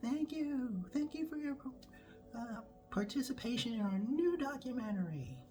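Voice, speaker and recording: A man's voice: big pitch swings, moderate pace, darkish tone, faint music behind. Man doing a blustering bossy attorney general. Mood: fake polite. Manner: blustering, switches to high fake politeness.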